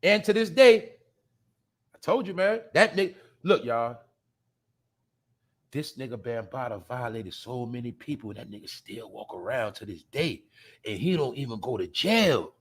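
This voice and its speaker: Guy w/ aave ranting to his viewers, cussing, loud then mumbling low. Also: expressive, moderate pace, slightly rough. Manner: blunt ranting, addresses viewers directly; swings between loud outbursts and low mutters. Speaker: podcast host. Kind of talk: casual profane commentary.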